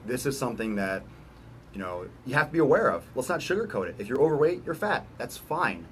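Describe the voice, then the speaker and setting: A man's voice: mid-range voice, very animated, brisk, slight background noise. A man working as a fitness coach, chatting casually as he answers viewer questions, blunt and profane with joking asides.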